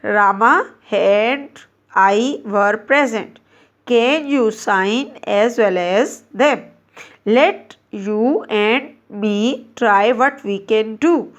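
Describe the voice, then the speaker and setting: A woman teacher reading out grammar exercises and labelling each answer, slow and deliberate, correcting herself as she goes. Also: on the high side, dull audio. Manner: slow and deliberate, with frequent restarts and self-corrections. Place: Pakistan.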